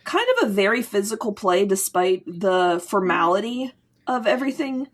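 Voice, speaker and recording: An American woman, a theatre director, in casual chat, emphatic and animated, talking in quick bursts. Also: mid-range voice.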